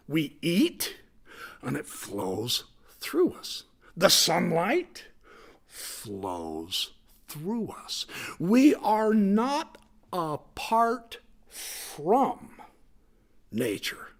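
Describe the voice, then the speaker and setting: Animated, enthusiastic male preacher. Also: high-pitched, drawn-out words, long pauses. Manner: enthusiastic, animated, jokey asides. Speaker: speaker at a Unitarian service. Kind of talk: sermon.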